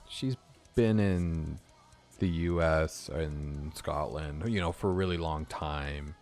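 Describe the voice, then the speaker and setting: A young man from California chats loosely with his live-stream viewers while writing code. His voice sits very low with a gravelly fry. He laughs easily as he talks, and soft guitar music plays faintly behind him. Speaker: game developer streaming. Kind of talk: casual live-stream chat while coding.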